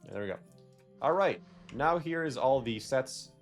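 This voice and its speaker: A man's voice: mid-range voice, animated, moderate pace, faint music behind. A young man giving casual, rambling gameplay commentary, correcting himself and drifting into jokey rants. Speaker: gaming video creator.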